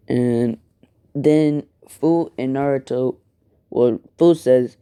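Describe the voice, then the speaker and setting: A man's voice: mid-range voice, slow pace, mellow, smooth. A man casually narrating a fan-made story, crude and rambling, correcting himself as he goes.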